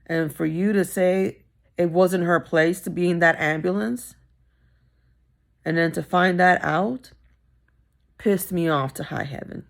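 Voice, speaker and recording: A woman's voice: lowish voice, a little slow, vocal fry, long pauses. A middle-aged woman telling a personal story in a vlog, candid and emphatic, repeating phrases for stress. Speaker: vlogger.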